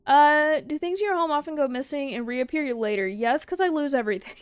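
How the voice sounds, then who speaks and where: A woman's voice: high-pitched, a little fast, no room sound, studio quality. A woman streamer in casual livestream chat, answering viewer questions, laughing often and swearing freely.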